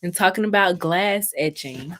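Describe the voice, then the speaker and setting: Young southern woman w/ a lowish voice, chatting w/ her stream chat, drawls her vowels a bit. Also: noisy background. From Mississippi, US. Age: young adult. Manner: chatty, answers viewer comments aloud, drawn-out vowels. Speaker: crafting livestream host. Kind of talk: casual livestream chat.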